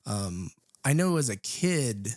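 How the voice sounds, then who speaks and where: This man co-hosts a film podcast, telling stories in a relaxed, hesitant way and saying "um" a lot. His voice sits in the mid range and moves at a slow pace, captured with studio quality and no echo.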